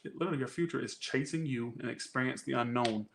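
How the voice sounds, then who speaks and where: A man's voice: medium pitch, quick pace, creaky, a bit bright, slight background noise. A man doing a casual tarot reading, chatty and rambling, slangy and often breaking off mid-thought. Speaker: tarot reader.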